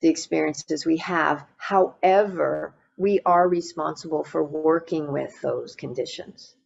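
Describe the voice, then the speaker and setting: A woman meditation teacher giving a Buddhist dharma talk in a gentle, reflective way, with frequent fillers and restarts. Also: deep voice, unhurried, creaky, slightly rough, lo-fi sound.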